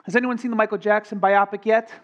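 A man preaching a sermon as pastor, animated and conversational, with asides and acted-out quotes. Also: high-pitched, fast talker.

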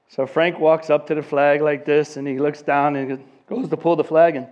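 A man's voice: on the high side, steady tone, moderate pace, few pauses, darkish tone, lo-fi sound. A man in his fifties telling a long story in a sermon and acting out the people in it.

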